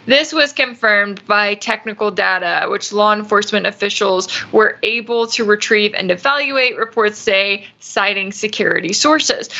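A woman's voice: fairly high pitch, bright, forceful tone, muffled recording. A woman hosting a news commentary show, arguing her points through hypotheticals and rhetorical questions. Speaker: radio news host.

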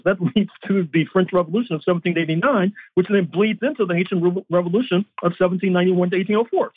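A man lectures as a guest historian, his voice husky and a little higher than most men's. His pitch rises and falls in a lively way. The sound comes through a tinny phone line. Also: no echo. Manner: lecturing, long flowing historical arguments. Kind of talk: political analysis interview.

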